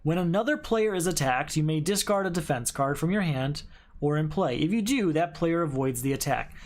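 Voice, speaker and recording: A man's voice: on the high side, animated, moderate pace. A man playing a solo card game, thinking aloud as he reads card text and counts points in a casual play-through.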